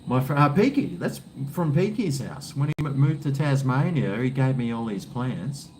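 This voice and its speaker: A man's voice: mid-range voice, animated, moderate pace, darkish tone, a little hiss or hum. A middle-aged Australian man chatting casually on a live stream while drinking beer, rambling, joking and swearing freely.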